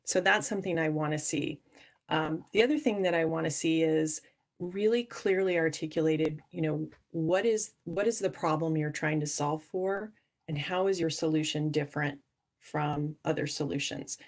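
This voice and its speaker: A woman's voice: low voice, moderate pace. A woman guest on a podcast, explaining earnestly how investors judge founders, often restarting her sentences. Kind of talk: podcast interview answers.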